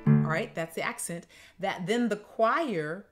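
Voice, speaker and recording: Slow, lower-voiced woman composer teaching. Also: loud music behind the voice. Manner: lively, conversational, demonstrative teacher. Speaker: composer and choir conductor. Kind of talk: explaining and teaching her choral piece.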